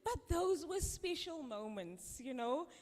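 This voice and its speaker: Brief: high, lively woman CEO, unhurried and effusive, mic in a reverberant hall. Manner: effusive, emotional, exclaims often. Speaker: CEO giving closing thanks. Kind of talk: live event speech. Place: event hall with live audience. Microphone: handheld or stand microphone.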